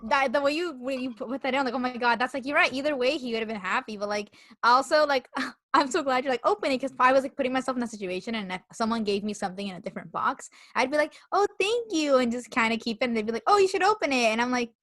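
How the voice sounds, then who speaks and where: Fast and fairly high-pitched with a fairly bright tone, a young woman co-hosting a podcast tells lively stories in casual chat, laughing and saying "like" a lot. The recording is clean studio sound without echo.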